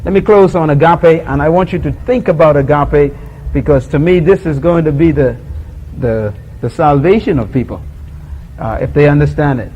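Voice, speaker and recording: A man's voice: a little high, normal speed, lo-fi sound, a little hiss or hum. A man preaching a sermon on love in a conversational way, acting out little scenes, chuckling often and asking his listeners questions. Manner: animated storytelling, acts out scenes and quotes; chuckles often while making points.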